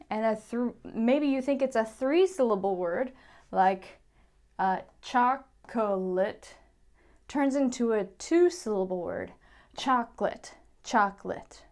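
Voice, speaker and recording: An American woman teaching an English pronunciation lesson, saying each example word slowly and carefully and checking in with "okay?" after her points. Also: fairly high pitch. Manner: repeats words carefully, ends points with "okay?". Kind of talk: slow, deliberate pronunciation lesson.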